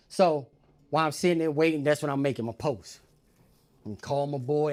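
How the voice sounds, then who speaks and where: A man performing stand-up comedy on stage, telling a story in an animated way and talking straight to the audience as y'all. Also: on the high side, moderate pace, long pauses.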